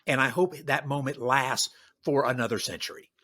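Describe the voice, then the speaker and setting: A man in his sixties from the American South, a retired army general, talking history in a podcast interview with lively, restart-filled delivery. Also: medium pitch, normal speed, husky. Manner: animated, acts out quoted voices, frequent restarts.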